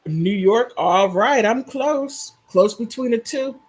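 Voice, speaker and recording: A man's voice: extremely high pitch, animated, slow, slightly rough, poor audio. A man hosting a casual live stream, rambling through commentary and reacting to viewer comments. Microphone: computer mic on a streaming app.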